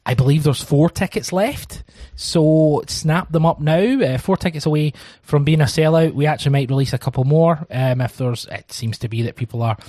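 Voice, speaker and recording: A man hosts a casual podcast in a chatty, rambling way, filling gaps with ums. His voice sits fairly high for a man. The recording is dry and close. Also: normal speed, hardly any pauses, warm tone, no echo. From Scotland. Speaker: podcast host.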